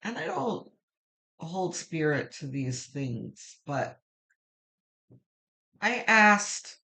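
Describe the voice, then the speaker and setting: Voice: medium pitch, big pitch swings, extremely slow, vocal fry, bright, forceful tone. A tarot reader giving a weekly reading to viewers, reflective and rambling, with many fillers and restarts, and emotional, moved near tears.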